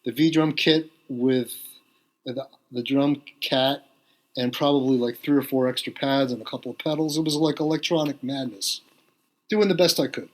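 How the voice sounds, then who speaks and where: Animated middle-aged man telling stories. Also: mid-range voice, moderate pace. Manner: animated anecdote-telling, quotes others in varied voices. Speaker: guest drummer. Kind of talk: storytelling in a podcast interview.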